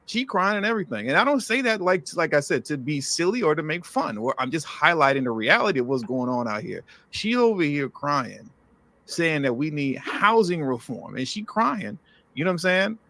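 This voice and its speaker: A man's voice: fairly high pitch, sing-song, moderate pace, pushed and bright. Sarcastic slangy male commentary host. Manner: reads articles aloud with running asides. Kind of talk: political commentary.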